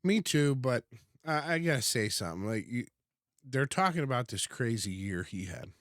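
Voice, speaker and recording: A man's voice: medium pitch, animated, normal speed, a bit bright, dry recording, clean studio sound. A man co-hosting a casual podcast from a converted garage, talking in a rambling way with frequent restarts. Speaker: podcast co-host. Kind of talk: casual chat.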